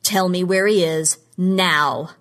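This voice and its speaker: A tormented young man, shaken and lashing out, his voice agonized and loud, as a woman reading aloud puts him on. A husky, low voice in a storybook reading. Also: fairly even intonation, takes it slowly, heavily acted. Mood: agonized, yelling. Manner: agonized, yelling.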